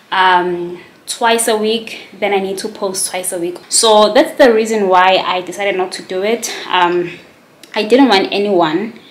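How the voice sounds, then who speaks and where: A woman's voice: medium pitch, slight background noise. A woman in her twenties, talking casually to camera in a rambling, self-conscious way. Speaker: vlogger. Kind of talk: casual vlog chat to camera. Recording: echoey room.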